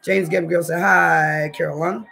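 Gravelly woman with a scratchy throat. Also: on the low side, steady tone, moderate pace, sharp tone. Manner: chatty, slangy, keeps addressing viewers as y'all. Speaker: livestream host reading chat. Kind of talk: casual livestream chat. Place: home kitchen with stove on.

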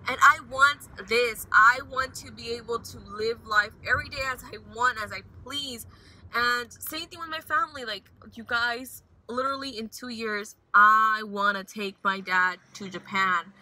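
A woman's voice: fairly high pitch, normal speed, pushed and bright, poor audio. A young woman vlogging casually from her car, talking emotionally and rambling, swinging between upbeat and frustrated. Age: young adult. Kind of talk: casual vlog while driving.

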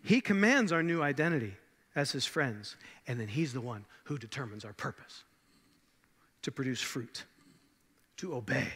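A man's voice: mid-range voice, expressive, moderate pace, pauses often, fairly bright tone, breathy edge. A man preaching a sermon as a pastor, in a conversational way with rhetorical questions, with long church reverb. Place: church sanctuary.

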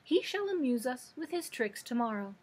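A woman's voice: sits high, sing-song, normal speed, breathy edge, heavily acted. Woman reading a gracious fairy princess.

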